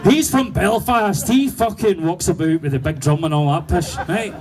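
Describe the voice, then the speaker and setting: A man with a Glaswegian accent doing sweary, animated stand-up storytelling and laughing through his punchlines. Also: sits high, moderate pace, a faint crowd, low-quality recording. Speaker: stand-up comedian.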